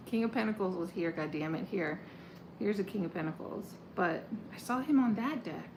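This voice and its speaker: A woman reading tarot cards to her viewers in a casual, chatty way, getting excited and swearing now and then while she shuffles. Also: fairly low pitch, moderate pace. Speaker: tarot reader. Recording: echoey room with faint ambient noise.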